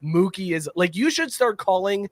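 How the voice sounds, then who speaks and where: A man co-hosting a sports podcast, talking in a rambling, animated way and laughing loudly. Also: sits high, moderate pace. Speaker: podcast co-host. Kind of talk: casual sports chat.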